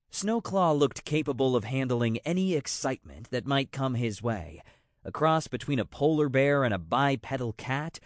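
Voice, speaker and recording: Close to the mic, a man with a medium-pitched voice narrates an audiobook in a measured, expressive storytelling style. There is no echo.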